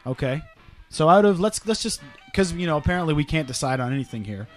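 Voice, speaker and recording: A man hosting a casual comedy podcast, teasing his guests with quick banter. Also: fairly high pitch, animated, faint music behind. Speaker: podcast host.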